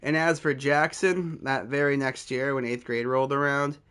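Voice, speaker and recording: Twenties guy, casual storyteller, smooth clear voice, loose and self-mocking. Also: medium pitch, fairly even intonation, moderate pace, a bit bright. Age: 20s. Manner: rambling, self-deprecating, swears freely. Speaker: vlogger.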